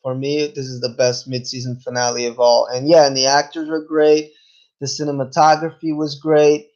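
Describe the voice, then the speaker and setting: A man giving a casual, rambling review of a TV episode in a laid-back way, swearing now and then and slowed by hiccups. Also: on the high side, darkish tone, dull audio. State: has hiccups. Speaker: TV show reviewer.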